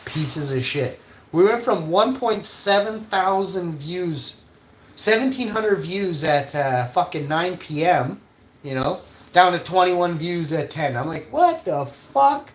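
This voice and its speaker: A man on a casual livestream, cooking in his kitchen and swearing constantly as he rants, with sudden loud outbursts. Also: sits high, a little slow. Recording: roomy with faint background hum.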